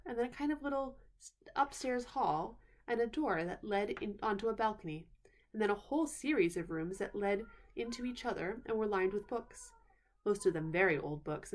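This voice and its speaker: A woman's voice: medium pitch, a little mellow. Woman reading a bedtime story aloud. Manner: unhurried, pausing to explain words.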